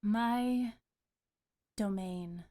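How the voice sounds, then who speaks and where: A woman voicing a huge, calm female water goddess who speaks slowly and formally. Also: mid-range voice. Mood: calm, stately. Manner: slow, measured and formal.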